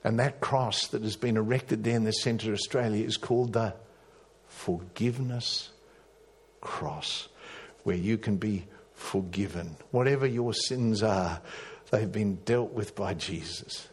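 A man preaching a sermon, telling a story with emphatic rises and hushed drops. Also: lowish voice, a little slow, slightly rough. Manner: storytelling, rising to emphatic peaks and dropping to hushed tones.

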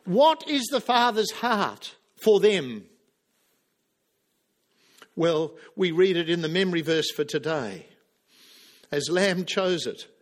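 A man preaching a sermon with passion, acting out the quoted speakers' lines and dropping to a hush for emphasis. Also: sits high, very animated, slow pace, pauses often. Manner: impassioned, acts out quoted lines.

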